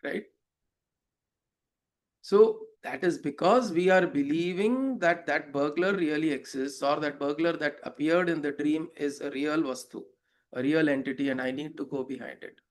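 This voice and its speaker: A man's voice: on the high side, normal speed. A man explaining a scripture verse as a spiritual teacher, reflective, asking rhetorical questions and telling parables.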